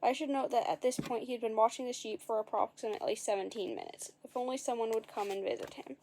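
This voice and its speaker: A woman with a fairly high voice reads a storybook aloud in a relaxed way. She drops in wry, dry asides and cheerfully corrects her own slips as she goes. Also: fast talker, a little hiss or hum. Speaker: narrator. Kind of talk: casual storybook read-aloud.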